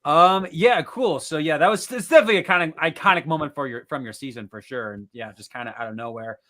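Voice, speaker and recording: A man hosting a casual podcast recap over a video call, talking in an animated way with lots of fillers and restarts. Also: on the high side, fast. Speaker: podcast host.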